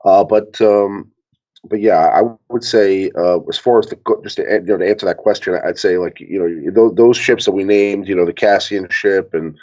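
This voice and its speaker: A man's voice: low voice, moderate pace, a little mellow, lo-fi sound. A man on a casual live Q&A panel, rambling with many stammered restarts. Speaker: panel guest.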